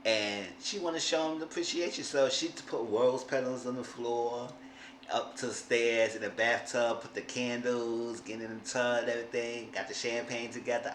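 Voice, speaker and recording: A man's voice: medium pitch, steady tone, moderate pace, a bit bright. A man casually recapping a reality TV episode, rambling and often restarting his sentences. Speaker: show recap vlogger. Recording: roomy room with faint hiss.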